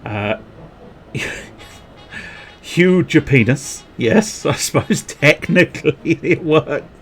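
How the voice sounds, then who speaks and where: Slow jokey guy streaming a game, voice going up and down a lot, soft game music underneath. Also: a little high, expressive. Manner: rambling, jokey, slow-paced, drifts between reading game text and wordplay. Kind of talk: casual gameplay commentary.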